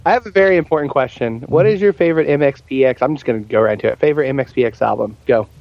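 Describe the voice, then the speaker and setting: A man's voice: medium pitch, racing, gravelly, dull audio. A man hosting a podcast, chatting casually in a playful, teasing way. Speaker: podcast host. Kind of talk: casual chat.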